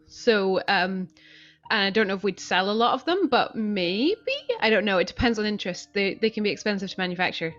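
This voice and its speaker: A woman's voice: medium pitch, brisk, a bit bright, no room sound, muffled recording. A woman chatting casually on a stream, easygoing and a little hesitant. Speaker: game player. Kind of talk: casual chat.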